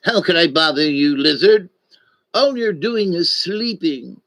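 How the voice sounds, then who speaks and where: A sly, irritable snake from a spoken storybook tale, hissing its words in a pinched, raised puppet voice, as a man puts it on. It drawls slowly, sulky and scheming. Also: fairly high pitch, animated, a bit bright. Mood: annoyed. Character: hissing male desert snake, annoyed, sly.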